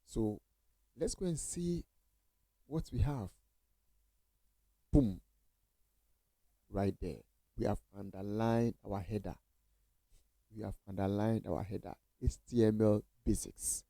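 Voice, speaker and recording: A man's voice: on the low side, unhurried, vocal fry, long pauses, warm tone, no room sound, rough recording. A man teaching coding basics in a casual screen-share tutorial, repeating phrases and reassuring viewers with many okays.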